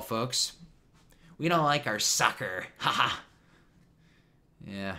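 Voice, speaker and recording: A man's voice: on the low side, animated, takes it slowly, long pauses, pushed and bright. A man giving a casual, jokey commentary on a TV episode, rambling with fillers and asides. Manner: chatty, jokey, trails off with fillers. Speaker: YouTube commentator.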